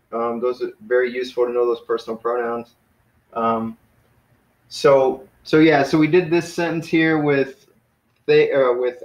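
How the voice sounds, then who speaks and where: A man leads a small class with an easygoing manner, stopping to correct himself and filling pauses with "um". His voice rings in a roomy space. The recording sounds dull and lo-fi. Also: medium pitch. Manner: relaxed, lots of fillers and self-corrections. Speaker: Greek teacher. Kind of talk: casual classroom teaching.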